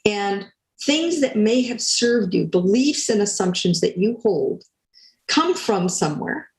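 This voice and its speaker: An older woman speaking as a guest, telling a story in a lively way and acting out quoted lines. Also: medium pitch, unhurried, echoey room, poor audio. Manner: animated, acts out quotes. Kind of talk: storytelling talk.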